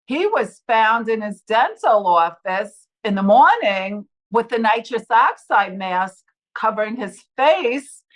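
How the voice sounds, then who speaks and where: A woman's voice: on the high side, slow, hardly any pauses, poor audio. A woman from the New York area telling her personal near-death story in earnest, acting out what others said. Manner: earnest, acts out quotes with lively voices. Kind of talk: personal testimony, told in her own words.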